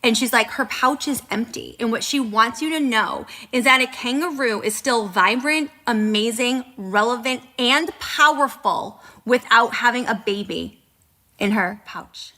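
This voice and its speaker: A woman's voice: on the high side, measured pace, sharp tone. A woman in her thirties co-hosting a podcast, chatting casually and retelling conversations with lots of fillers. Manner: chatty, many fillers and quoted dialogue. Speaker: podcast co-host.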